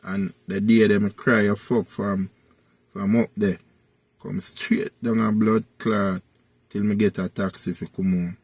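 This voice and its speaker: A man's voice: on the low side, little pitch movement, a little slow, a little mellow, slightly rough, dry recording. A man with a Jamaican accent telling a personal story in a casual, rambling way and coming back again and again to the same tag phrases. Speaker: vlogger.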